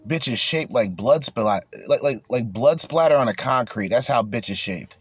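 A man's voice: medium pitch, expressive, normal speed, slightly rough, no echo. A man hosting a casual podcast, ranting bluntly and crudely with lots of swearing. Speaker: podcast host.

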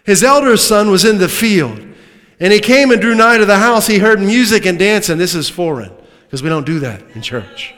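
A man preaching a sermon as a pastor, swinging from loud emphatic lines to hushed asides, with humorous remarks. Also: high voice, animated, normal speed, soft background music. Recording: long reverb of a large hall.

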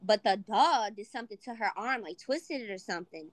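A woman co-hosting a casual podcast chat, animated and acting out quoted voices. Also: mid-range voice, a little fast, a crowd in the background. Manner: animated, swears, acts out quotes. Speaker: podcast co-host.

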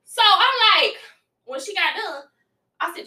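A woman chatting casually and telling a story in a profane, animated way, with loud outbursts. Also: very high-pitched, unhurried, echoey room, distant mic. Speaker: podcast co-host.

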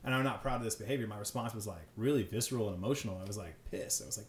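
A man, a teacher and podcast guest, telling classroom stories in animated casual chat, full of "like" and restarts. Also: medium pitch. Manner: fast, animated storytelling with many fillers. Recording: echoey room.

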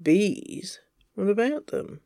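A reader voicing a sardonic, world-weary man, deadpan and teasing, in a fan fiction audio reading. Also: medium pitch, slow, no room sound, studio quality. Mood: dry teasing.

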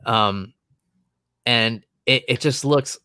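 Casting note: casual man, mid-pitched, rambling fight analyst, dry close mic. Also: bright, forceful tone, clean tone, no room sound. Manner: fast, rambling, many restarts and fillers. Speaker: MMA analyst guest. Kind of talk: casual podcast chat.

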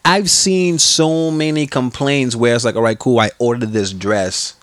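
A man's voice: mid-range voice, unhurried, dry recording. A young man hosting a podcast in blunt, profane casual chat, acting out quotes as he tells stories. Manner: blunt, profane, lively storytelling with voiced quotes. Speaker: podcast host.

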